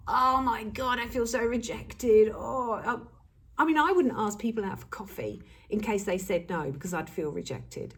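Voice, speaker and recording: Earnest breathy woman coaching. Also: mid-range voice. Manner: earnest, emphatic, repeats key words. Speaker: self-help coach. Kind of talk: earnest motivational talk to camera.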